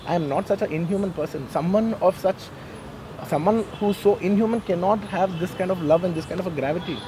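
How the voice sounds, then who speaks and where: A man talks rapidly in a fairly high voice, giving an earnest statement to reporters. He sounds emotional and keeps repeating phrases. Clear background noise from an outdoor garden runs under his voice. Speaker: film actor speaking to the press. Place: outdoor garden during a press meet.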